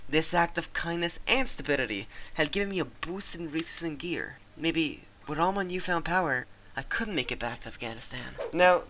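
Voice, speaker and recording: A young man giving scripted, sarcastic comedic narration with deadpan asides. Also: on the high side, slight background noise. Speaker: channel host and narrator.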